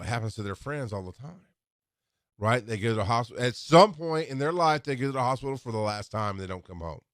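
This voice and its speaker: A middle-aged EMS instructor gives an informal teaching talk, speaking candidly and rambling with restarts while acting out bits of dialogue. His medium-pitched voice is recorded at studio quality with no echo.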